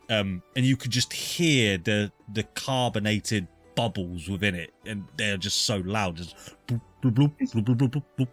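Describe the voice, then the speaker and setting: A man's voice: lowish voice, bright, forceful tone. A man narrating a live tabletop game as dungeon master, playful, with many fillers and mouth sound effects.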